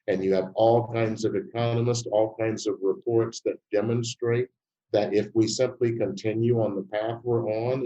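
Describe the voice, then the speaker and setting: An older man giving an interview answer in a measured, emphatic way, telling anecdotes. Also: on the low side, warm tone, dull audio. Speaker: interview guest, filmmaker.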